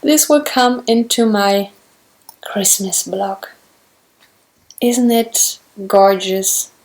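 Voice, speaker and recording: A woman's voice: medium pitch, extremely slow, darkish tone. A German woman with a German accent, chatting casually in English on her knitting vlog, gushing over yarn and restarting often. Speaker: knitting vlogger. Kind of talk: casual show-and-tell.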